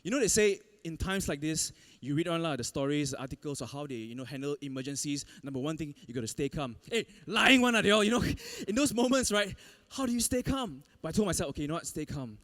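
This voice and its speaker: Male preacher, lively storytelling sermon, fairly high voice. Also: fast, few pauses. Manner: animated storytelling, laughs often, acts out quotes. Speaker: pastor.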